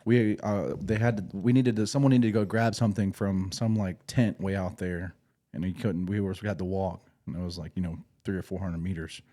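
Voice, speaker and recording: A man with a low, mellow voice tells old service stories on a podcast in a loose, rambling way, swearing freely and restarting sentences. His tone stays dark and relaxed throughout. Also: a little fast. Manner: laid-back, rambling, profane, with restarts. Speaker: podcast host, former infantry Marine. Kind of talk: casual storytelling.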